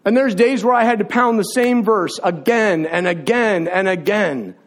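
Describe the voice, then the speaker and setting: A man's voice: sits high, normal speed. A man preaching a sermon in an impassioned, confessional way, building through repeated phrases.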